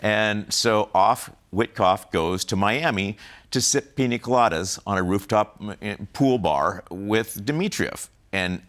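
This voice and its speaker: A man's voice: on the low side, slow pace, a bit bright. A man giving political commentary as a guest on a video call, rambling and full of fillers and restarts. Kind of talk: casual interview commentary.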